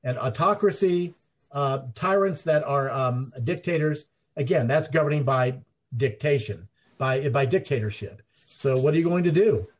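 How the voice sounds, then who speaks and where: A man's voice: mid-range voice, moderate pace. A man talking as an interview guest, rambling with many restarts and fillers. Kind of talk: conversational interview. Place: Mountain Time Zone.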